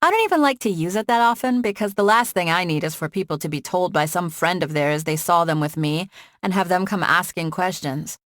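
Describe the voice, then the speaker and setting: A woman's voice: fairly low pitch, a little fast, no room sound, studio quality, natural voice. A woman voicing a playful young con-artist woman in an audiobook, talking in a breezy, teasing way.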